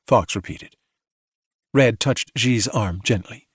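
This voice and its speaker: A man narrating a calm bedtime sci-fi audiobook with slow, soothing storytelling. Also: mid-range voice, dry recording, studio quality.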